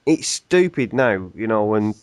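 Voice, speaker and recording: A man's voice: lowish voice, sing-song, unhurried, darkish tone, clear, resonant tone, no room sound. A man from the UK, a podcast co-host telling stories in a profane, casual way. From United Kingdom. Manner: profane, storytelling. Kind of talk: casual ranting podcast chat.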